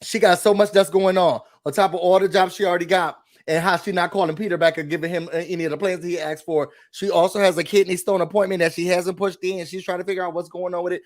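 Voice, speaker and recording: A man with a high-pitched voice hosts a casual reality show recap. He talks in an animated, gossipy way and breaks into mimicry of the cast as he goes. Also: fast talker, few pauses.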